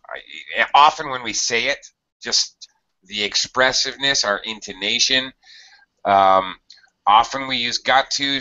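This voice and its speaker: A low-voiced man teaches English grammar at an unhurried pace, patient and methodical, often pausing on fillers. His tone is bright and forward, and the audio is somewhat dull and lo-fi. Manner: slow, patient explaining with many fillers. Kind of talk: online grammar lesson.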